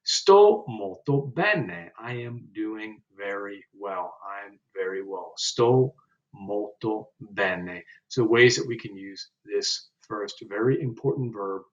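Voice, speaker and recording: A man teaching a language lesson, carefully pronouncing example phrases slowly and explaining them with frequent fillers. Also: on the low side, low-quality recording. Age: older than twenty, joking about it. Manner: slow, deliberate pronunciation of example phrases with uh fillers. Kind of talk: explaining vocabulary step by step.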